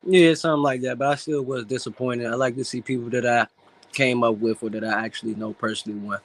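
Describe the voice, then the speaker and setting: A man's voice: medium pitch, steady tone, fast talker, creaky, no echo. A man, a professional boxer, talking candidly and with blunt profanity as an interview guest, emotional when he speaks about his late father. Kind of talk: casual interview talk.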